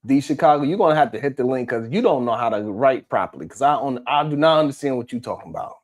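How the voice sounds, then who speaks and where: A man's voice: mid-range voice, expressive, fast talker. A man hosting a live stream, reading the chat and talking in a blunt, heated, profane way.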